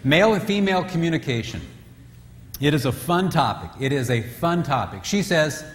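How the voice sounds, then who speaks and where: A man's voice: a little high, expressive, moderate pace, a little hiss or hum. A man giving a humorous talk on marriage at a retreat, acting out husbands and wives in raised voices. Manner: joking, acts out quoted spouses in raised voices. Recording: distant reverberant hall with faint ambience.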